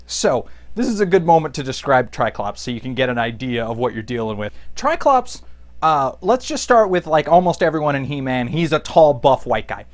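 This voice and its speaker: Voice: medium pitch, sing-song, normal speed. A comic reviewer recapping a comic in a casual, rambling, jokey way with many fillers.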